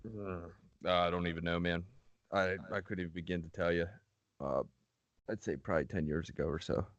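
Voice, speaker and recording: A man co-hosting a podcast, talking in a laid-back, casual way with lots of pauses and fillers and some swearing. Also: low voice, fairly even intonation, no room sound, muffled recording. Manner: laid-back, hesitant with many fillers, profane. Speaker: podcast co-host. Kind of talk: casual storytelling chat.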